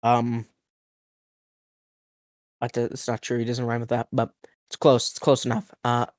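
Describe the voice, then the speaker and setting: A young man rambles through an absurd tall tale in an ordinary middle-pitched voice. His delivery is mock-outraged, lurching from mumbling to yelling, and his voice cracks now and then. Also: monotone, measured pace. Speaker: food review vlogger. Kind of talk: absurd comedic storytelling.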